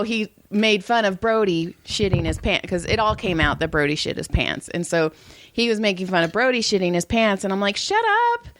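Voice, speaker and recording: A middle-aged woman co-hosting a podcast, casually telling profane family stories and acting out what everyone said. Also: fairly low pitch. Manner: blunt, profane storytelling with acted-out quotes. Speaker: podcast co-host. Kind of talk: casual chat.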